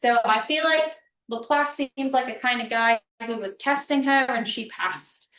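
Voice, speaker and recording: A woman's voice: on the high side, unhurried, a bit bright, recorded from a distance. A woman lecturer giving a public history talk in a casual, chatty manner with frequent ums. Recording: roomy hall, speaker off-mic.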